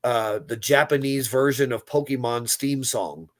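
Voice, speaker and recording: A man's voice: medium pitch, unhurried, no echo. A man co-hosting a podcast, joking and laughing in casual chat.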